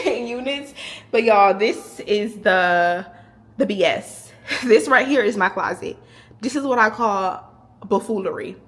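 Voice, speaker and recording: Chatty young woman in echoey rooms. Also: mid-range voice. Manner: chatty, talks straight to viewers. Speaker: vlogger giving an apartment tour. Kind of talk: casual chat to camera. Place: large empty apartment, indoors. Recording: echoey empty rooms, faint background noise.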